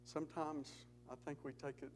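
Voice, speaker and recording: A man's voice: a little high, level tone, a little fast, slight background noise, low-quality recording. A man giving an earnest testimony talk in church, telling stories with rising emphasis. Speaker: Gideons speaker at church.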